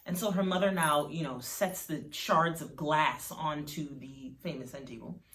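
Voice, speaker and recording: A woman narrates a story in a relaxed, conversational way, dropping in "you know" as she goes. Her voice is low. The room echoes and the mic sits at a distance. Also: a little slow. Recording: roomy sound from a distant mic.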